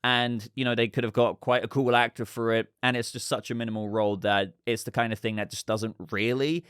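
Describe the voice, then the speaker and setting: A man's voice: medium pitch, flat delivery, fairly quick, a bit bright, clean tone, dry recording, studio quality. A man hosting a casual news commentary show, chatty and rambling with lots of fillers. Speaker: host.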